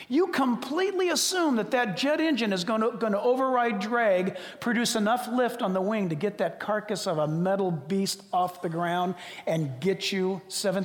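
Man, pastor, sermon, high voice, animated, whispers for effect, reverberant church hall. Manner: animated, acts out both sides of imagined dialogues, drops to whispers.

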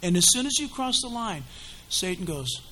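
High, lively male preacher. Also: normal speed, noisy background. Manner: animated, emphatic, dramatic. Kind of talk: sermon.

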